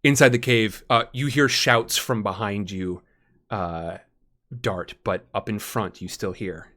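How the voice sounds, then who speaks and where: Slow, hesitant male game master narrating. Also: on the low side, steady tone, bright, forceful tone. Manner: vivid scene narration with frequent ums and uhs.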